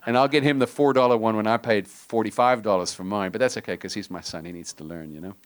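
Lowish-voiced pastor preaching conversationally. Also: male voice, fairly even intonation, quick pace. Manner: conversational, jokey asides, drops to hushed intensity. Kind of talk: sermon.

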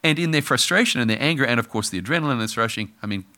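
A man's voice: mid-range voice, lively intonation, rapid-fire, sharp tone. A man preaching a sermon in a conversational way, acting out the voices he quotes. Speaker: pastor.

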